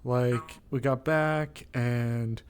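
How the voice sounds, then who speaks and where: A man in a casual roleplay conversation who talks softly and hesitantly, then swears when riled. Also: medium pitch, steady tone, drawn-out words, clear, resonant tone.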